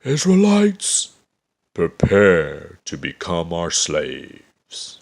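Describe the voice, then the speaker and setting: A man's voice: extremely slow, heavily acted. A man voicing a huge, boastful male giant warrior who roars and laughs mockingly, as in a storybook reading. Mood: roaring. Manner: roaring, booming, mocking laughter.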